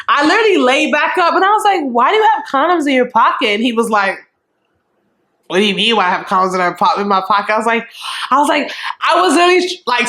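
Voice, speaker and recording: A young adult woman vlogger telling a storytime in a frank, animated and profane way, acting out what people said. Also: high-pitched. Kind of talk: casual storytime.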